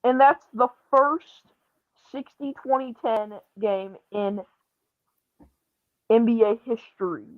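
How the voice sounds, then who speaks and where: A woman's voice: a little high, takes it slowly, pauses often, dry recording. A woman guest on a casual sports chat, hesitant and full of fillers as she passes along score updates. She comes through a dry, tinny, phone-like line.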